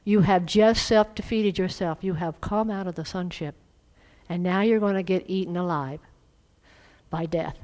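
A middle-aged woman preaching a sermon, fervent and emphatic, swelling into loud exhortation. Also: fairly low pitch, normal speed, poor audio.

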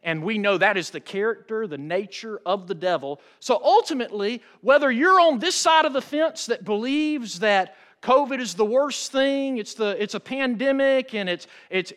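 A man preaching a sermon to a congregation, driving his points with dramatic pauses and rising emphasis. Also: extremely high pitch, a bit bright. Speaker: pastor.

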